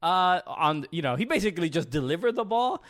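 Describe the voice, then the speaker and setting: A man hosting a sports podcast, recapping games in a casual, halting way with many restarts. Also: fairly high pitch, big pitch swings, fairly bright tone. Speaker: podcast host.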